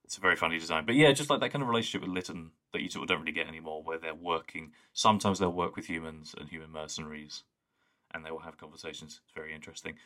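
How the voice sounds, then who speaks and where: Low-voiced man co-hosting a podcast. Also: steady tone, rapid-fire, bright, forceful tone. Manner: rambling, enthusiastic, full of "like" fillers. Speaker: podcast co-host. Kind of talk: casual chat.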